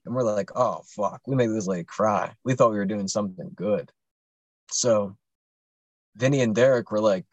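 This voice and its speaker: A man's voice: lowish voice, brisk, a little mellow, dry recording, lo-fi sound. A young man hosting a podcast, telling a long story casually with lots of swearing and fillers. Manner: rambling, profane, many fillers. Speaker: podcast host.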